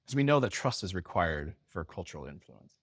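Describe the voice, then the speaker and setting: A man wrapping up as a podcast guest, calm and summarizing. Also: low voice, fairly quick, husky, no echo, studio quality.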